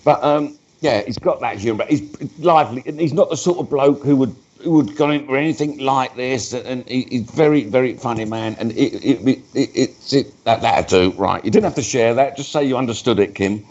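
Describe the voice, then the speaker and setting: A man's voice: mid-range voice, fairly quick, hardly any pauses, darkish tone, dull audio. A man, working as a spiritualist medium at a live church service, talking in a chatty way and breaking off mid-sentence to address spirits. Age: 50s.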